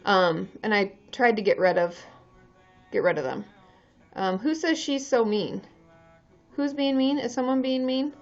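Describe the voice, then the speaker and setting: Chatty therapist lady on a live stream, blunt, swears a lot, kinda high voice, muffled webcam audio. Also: a little slow, pauses often, soft background music. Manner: candid, chatty, swears freely, laughs often. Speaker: licensed therapist hosting a livestream. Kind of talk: casual live-stream chat.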